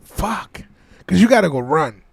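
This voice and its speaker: A man's voice: high-pitched, sing-song, unhurried, vocal fry, husky, no room sound. A man co-hosting a podcast, chatting casually, joking around and laughing, then giving earnest advice. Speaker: podcast co-host. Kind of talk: casual chat.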